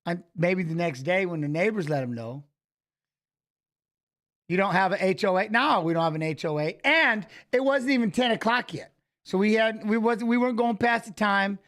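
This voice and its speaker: A middle-aged man with a fairly high voice, talking in a loose, animated way. He tells a story in casual chat, swears freely and keeps restarting his sentences. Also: moderate pace. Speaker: co-host of a fight preview show.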